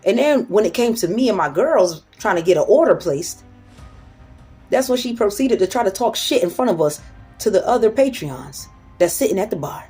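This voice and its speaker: A woman with a slightly husky, breathy voice gives a casual motivational talk, blunt and unfiltered, with profanity woven through her storytelling. Her pitch sits in an ordinary middle range. Soft music plays faintly behind her. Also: very animated, normal speed.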